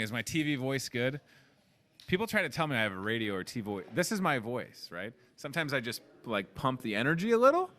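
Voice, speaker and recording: Bright-voiced man hosting a grocery store show. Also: medium pitch. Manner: energetic, joking, rapid-fire deal listing. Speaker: host of an in-store talk show. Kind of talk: upbeat promotional chat.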